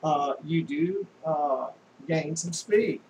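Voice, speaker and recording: A man giving a demonstration lesson on shorthand, talking slowly and patiently, often spelling words out letter by letter, with frequent pauses and restarts. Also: fairly high pitch, darkish tone, a little hiss or hum, rough recording. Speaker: shorthand teacher.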